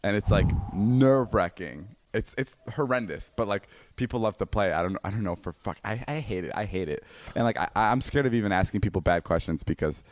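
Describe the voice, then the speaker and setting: A young man telling a story in casual podcast chat, animated and swearing a lot, with many fillers and restarts. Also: lowish voice, a little fast, few pauses, slight background noise. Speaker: podcast guest.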